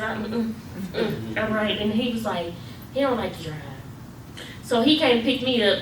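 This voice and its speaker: A young woman, plainly and softly recounting a family hospital night. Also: a little high, normal speed. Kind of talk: casual personal testimony. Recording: echoey room, far mic, noisy.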